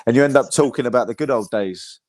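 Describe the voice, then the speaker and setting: A man's voice: mid-range voice, quick pace, darkish tone, no room sound, studio quality. A man telling football fan stories in a casual podcast chat, chatty and swearing freely.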